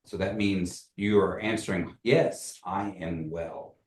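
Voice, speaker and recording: A man teaching a community language class, joking with students and slowly repeating phrases for them. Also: low-pitched, fairly even intonation, distant mic. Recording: echoey classroom.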